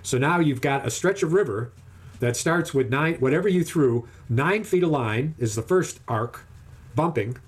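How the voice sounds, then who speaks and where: A man casually telling a long, animated fishing story, acting out the other people's lines in raised voices. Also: mid-range voice, normal speed, husky.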